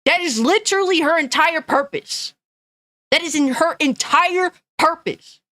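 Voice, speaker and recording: A woman's voice: very high-pitched, a little slow, bright, forceful tone, no room sound, clean studio sound. A woman gaming news streamer ranting angrily and bluntly, swearing often and reading chat comments aloud. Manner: angry, profane, blunt.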